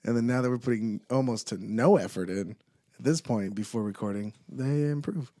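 A laid-back man co-hosting a podcast, agreeing easily and chiming in with yeahs. His voice has a middle pitch. It sounds dry and close, with no room echo. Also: a little fast, mellow. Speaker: podcast co-host. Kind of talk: casual chat. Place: studio. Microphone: studio mic.

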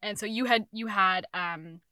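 A young woman hosting a podcast, chatting excitedly and casually about books she loves, swearing now and then. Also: mid-range voice, a little slow, no echo, studio quality. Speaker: podcast host. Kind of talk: casual interview chat.

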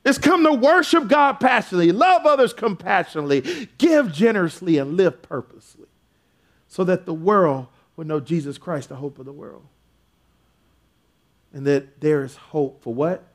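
Man, pastor, preaching, very high pitch, call-and-response, shouted peaks. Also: expressive, moderate pace. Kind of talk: sermon.

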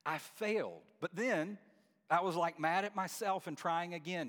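A man's voice: a little high, moderate pace, fairly bright tone. Earnest man preaching, long hall echo. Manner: earnest, repeats words, rises to emphatic peaks. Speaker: pastor. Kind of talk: sermon.

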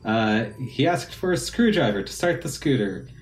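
A man co-hosts a casual chat podcast in an echoey room, his medium-pitched voice sing-song at a moderate pace. He rambles with lots of "uh" fillers, joking around and slipping into playful put-on voices.

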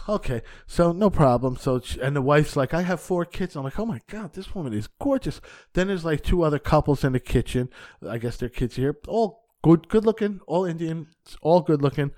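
On a podcast, a guest stand-up comic, male, recounts a profane, offhand story in a rambling way full of restarts. Acting out the dialogue, he lurches suddenly up and down in pitch and volume.

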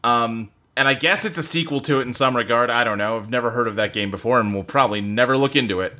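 A man's voice: medium pitch, fast talker, bright, forceful tone. A man co-hosting a casual chat about games from his home office, speaking loosely with lots of fillers and the odd curse word. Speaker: podcast co-host. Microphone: desktop computer setup.

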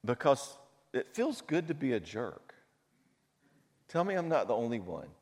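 A middle-aged man with a mid-range voice and measured pace gives a conversational talk on marriage and anger. An animated storyteller, he shares personal stories and acts out the voices he quotes. Long hall reverb colors the recording.

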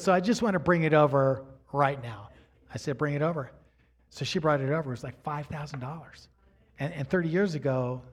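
A middle-aged male pastor delivering a storytelling sermon in a fairly high voice. He speaks in a chatty way, acts out the other people's lines, and keeps checking in with his listeners. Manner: animated storyteller acting out dialogue; chatty, asks "right?" and "you know".

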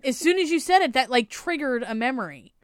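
A woman's voice: sits high, lively intonation, a little fast, smooth, no echo, studio quality. A woman cohosting a podcast who reacts with exclamations and laughter while casually chatting about a story. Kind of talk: casual chat.

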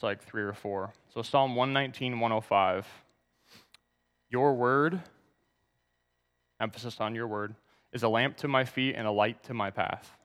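A man's voice: fairly low pitch, a bit bright, in a large hall. A man preaching a sermon, reading scripture aloud and asking the congregation to turn to verses. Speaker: pastor.

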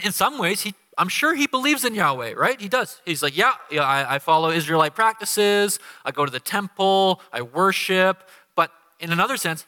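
A man preaching a guest sermon in a church, talking casually and animatedly, acting out the quotes he tells. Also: high-pitched. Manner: animated, conversational, acts out quotes with laughter. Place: church sanctuary. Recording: long hall reverb.

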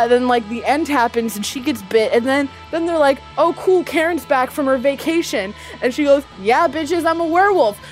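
A woman co-hosting a podcast, rambling through a profane, casual movie recap full of "like" and quick asides. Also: high voice. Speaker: podcast co-host.

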